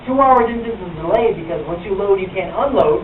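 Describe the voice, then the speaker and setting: A man's voice: high-pitched, expressive, a little fast, narrow, tinny audio. A male stand-up comedian telling a brash, profane story in a small club. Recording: echoey club, taped from the crowd far off. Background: audience laughter and club noise.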